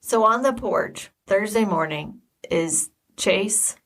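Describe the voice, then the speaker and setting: A woman co-hosting a podcast, retelling a family story in casual chat, quick and lively with quoted dialogue. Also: mid-range voice. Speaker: podcast co-host.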